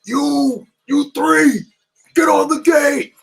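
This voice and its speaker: Man putting on a shouting, aggressive cop. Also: mid-range voice, fairly even intonation, fast, husky, low-quality recording. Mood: yelling. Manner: barking orders. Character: shouting male police officer, aggressive.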